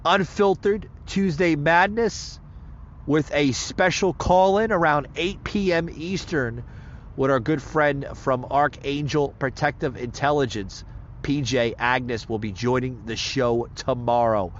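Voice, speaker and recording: A man's voice: mid-range voice, slight background noise. A male podcast host, a little out of breath, rambling through a casual sign-off full of plugs and fillers. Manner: loose, rambling, repeats itself with fillers. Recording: slightly muffled lo-fi recording.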